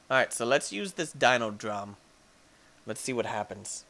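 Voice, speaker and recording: A man hosting a gaming channel, giving excitable Let's Play commentary and cooing baby talk at his pets. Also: medium pitch, moderate pace, creaky.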